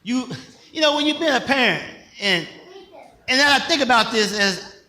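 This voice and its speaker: An older man, a pastor, preaching in a conversational style with call-and-response questions, rising at times to shouts. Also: very high voice, expressive, normal speed, reverberant. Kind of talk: sermon.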